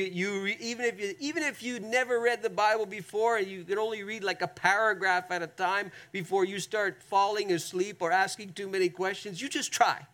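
High gravelly-voiced male pastor preaching. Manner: animated, dramatic scripture reading; conversational asides to congregation. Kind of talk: sermon. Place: church, streamed online.

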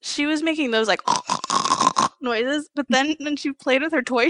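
A woman guest-hosting a podcast in casual chat, giggly and animated as she tells stories. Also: high-pitched, a little slow, dry recording. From Chicago area. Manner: giggly, chatty, animated storytelling. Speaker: guest co-host.

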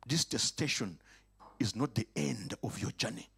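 A man delivers a fervent sermon in a slightly husky voice. His pitch leaps and dips constantly, and he swings between hushed asides and ringing, raised declarations as he calls on the congregation to answer back. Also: lively intonation, measured pace, pauses often. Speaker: preacher. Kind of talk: lively sermon. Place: church or worship hall.

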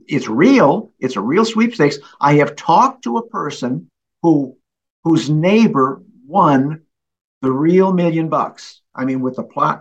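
A man's voice: a little high, fairly bright tone. Older man, interview guest, storyteller, chuckling, muffled studio audio. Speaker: guest, consumer protection official.

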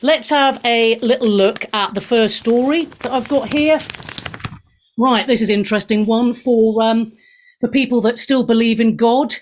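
A woman's voice: a little high, normal speed, slight background noise. A woman hosting a radio talk show, chatty and cheeky, laughing often and tossing off jokes. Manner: bubbly, jokey, cheeky asides, laughs often.

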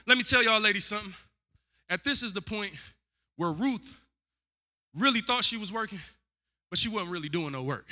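High, bright-voiced man preaching emphatically with street slang, shouting key lines; echoey hall. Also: animated, moderate pace, long pauses. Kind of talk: comic, animated sermon.

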